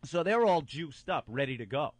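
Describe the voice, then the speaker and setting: A man co-hosting a radio show, telling a crude story with animated delivery and mocking put-on voices. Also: fairly high pitch, moderate pace, no echo. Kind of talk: crude comedic radio banter.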